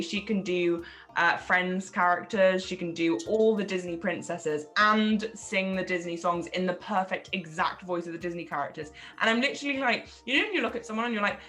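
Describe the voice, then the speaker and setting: A woman's voice: mid-range voice, a bit bright. A woman co-hosting a podcast, chatting casually, swearing freely and laughing at herself. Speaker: podcast co-host. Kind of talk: casual chat.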